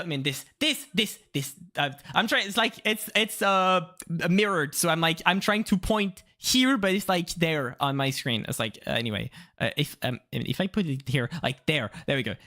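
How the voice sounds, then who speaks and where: A man's voice: high-pitched, sharp tone. A young man from France with a French accent, chatting casually on a live stream in English. He rambles and mocks himself, swears often and slips into silly put-on voices. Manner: rambling and self-mocking, with frequent swearing and fillers; jumps into mock voices mid-sentence.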